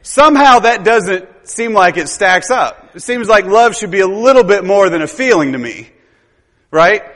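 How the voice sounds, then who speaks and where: A pastor preaches in a loose, rambling style, leaning on tag questions and quick chuckles. His voice sits high for a man. A long reverb tail from the church hall trails each phrase. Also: lively intonation, a bit bright. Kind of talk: sermon.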